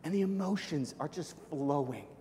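A man preaching a sermon, dramatic, swinging from loud, high outbursts to soft, hushed passages. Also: expressive, normal speed, long reverb tail, slight background noise. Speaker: pastor.

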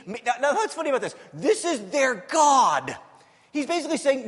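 A man preaching a sermon, telling a Bible story in an animated, joking way and acting out the quotes. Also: extremely high pitch, normal speed. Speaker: pastor. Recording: long hall reverb.

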